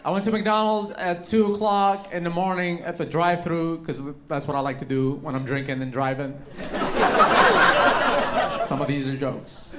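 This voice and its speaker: A young man from Yemen doing stand-up, telling a long story with punchy lines and deadpan asides to the crowd. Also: fairly high pitch. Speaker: stand-up comedian. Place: comedy club stage. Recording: roomy club with loud crowd noise. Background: audience laughter and applause.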